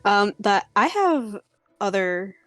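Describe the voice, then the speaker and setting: A woman's voice: medium pitch, big pitch swings, takes it slowly, dry recording, soft background music. A woman playing a tabletop role-playing game, chatty and often laughing. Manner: giggly, chatty. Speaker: player. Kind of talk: tabletop role-play chat.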